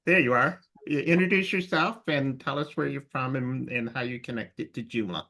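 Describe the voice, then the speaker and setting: A man's voice: medium pitch, normal speed, pushed and bright. Canadian man hosting an online meeting. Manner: friendly and informal, with many fillers. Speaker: meeting host. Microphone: video call.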